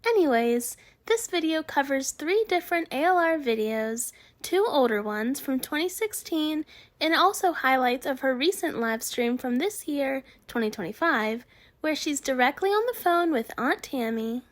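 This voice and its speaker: A woman's voice: sits high, animated, moderate pace, no room sound. A woman hosting a commentary channel, giving a chatty, friendly scripted intro to her video.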